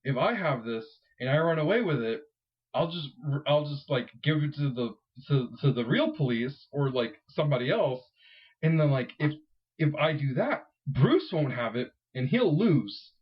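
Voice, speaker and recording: A man quoting a bumbling male mall cop hero in a halting, nervous voice, close to his own. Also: a little high, big pitch swings, slightly rough, dull audio. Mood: scheming.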